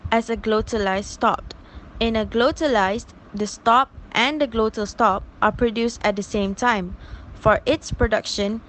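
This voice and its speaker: A woman reads out phonetics notes with a somewhat high voice, careful and measured. Faint noise hums behind her. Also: low-quality recording. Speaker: student presenter. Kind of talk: reading a phonetics presentation.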